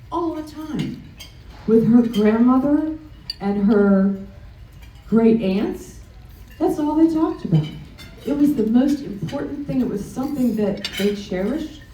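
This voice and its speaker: Slow, halting woman presenting in a roomy hall. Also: a little high, dark tone. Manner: hesitant, with frequent ums and restarts. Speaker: chapter member presenting. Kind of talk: personal presentation at a meeting. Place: meeting room during a luncheon. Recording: roomy sound from a distant mic.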